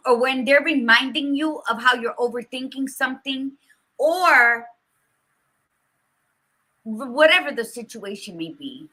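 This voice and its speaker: A woman's voice: fairly high pitch, pushed and bright. A woman co-hosting a podcast, giving blunt, profane motivational talk in a casual chat. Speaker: podcast co-host.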